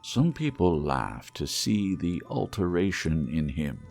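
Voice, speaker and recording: Slow gravelly storyteller man. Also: low voice, faint music behind. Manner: expressive, shifting to hushed asides. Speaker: audiobook narrator. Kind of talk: storybook reading.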